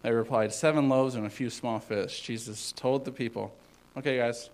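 A man giving an informal sermon as a youth pastor, rambling with many fillers and swinging between loud and hushed. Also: mid-range voice, fairly even intonation, moderate pace, poor audio.

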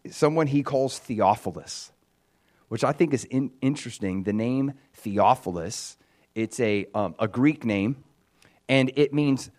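A man giving a casual Bible teaching, retelling the story in a conversational, animated way with frequent fillers. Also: fairly low pitch.

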